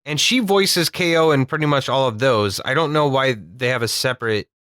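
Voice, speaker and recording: Male podcast co-host, rambling and jokey, bright tone, dry close recording. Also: mid-range voice, normal speed, dry recording. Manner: jokey, rambling, laughs often. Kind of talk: casual chat.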